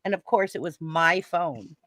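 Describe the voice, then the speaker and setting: A woman's voice: fairly low pitch, lively intonation, normal speed, fairly bright tone, no echo. A woman hosting a casual chat, telling a story with laughter and acting out the lines she quotes. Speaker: stream host.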